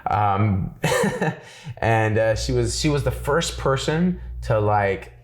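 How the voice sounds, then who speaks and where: Male guest, lower voice, chatty storyteller who keeps interrupting himself. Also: expressive, slow. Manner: rambling, self-interrupting, laughs often, acts out quoted dialogue. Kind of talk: casual storytelling chat.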